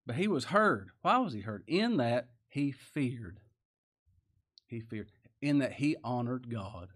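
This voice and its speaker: A man's voice: medium pitch, sing-song, takes it slowly, fairly bright tone. A man preaching a sermon, reading scripture aloud and swinging into rising, emphatic lines. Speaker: pastor.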